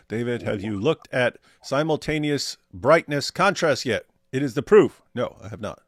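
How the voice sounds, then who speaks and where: A man's voice: on the low side, brisk, vocal fry, hardly any pauses, husky, no room sound, studio quality. A man co-hosting a casual livestream, reading viewer chat aloud with sardonic humor. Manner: sardonic, mock voices for quoted viewers.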